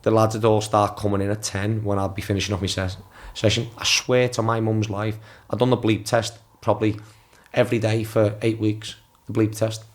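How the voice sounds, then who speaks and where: Guesting on a podcast, this ex-footballer in his twenties swears freely through casual stories, restarting as he goes and raising his voice to act out quotes. His delivery is flat and fairly quick, his pitch on the low side.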